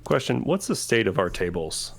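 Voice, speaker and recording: A man playing a tabletop game, describing his character's actions in a deliberate, wry way. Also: mid-range voice, sing-song, creaky, fairly bright tone. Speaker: player. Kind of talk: tabletop role-play.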